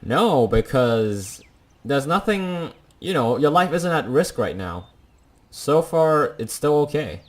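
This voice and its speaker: A man's voice: fairly high pitch, sing-song, slow pace. A young man playing a visual novel, reading its text aloud and cracking jokes in between. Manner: jokey asides between dramatic read lines. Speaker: let's play gamer.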